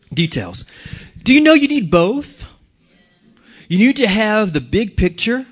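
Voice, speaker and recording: A man preaching a conversational sermon in a church, telling stories and putting questions to the congregation in an animated way. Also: fairly high pitch.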